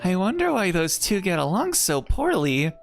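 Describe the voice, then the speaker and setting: A man's voice: high voice, huge pitch swings, moderate pace, gravelly, faint music behind, pitched above the performer's own voice, heavily acted. A man reading a game aloud and voicing an earnest, curious young woman companion with a questioning lilt.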